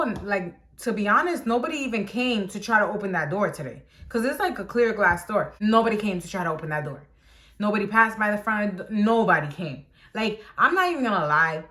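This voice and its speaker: A woman's voice: medium pitch, animated, fairly quick, pushed and bright. A young woman casually telling a story about a job, chatty and exasperated, repeating phrases for emphasis.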